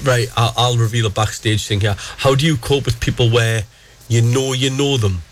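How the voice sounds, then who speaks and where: A man, hosting a local radio show and telling funny stories in animated casual chat. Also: medium pitch, normal speed, slight background noise. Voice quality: chatty, animated storyteller. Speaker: radio host.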